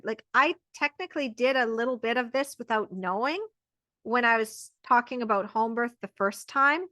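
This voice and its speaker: A woman hosting and teaching an online birth class in a casual, animated way, acting out dialogues as she explains. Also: on the high side, normal speed, no echo. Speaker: birth educator and host.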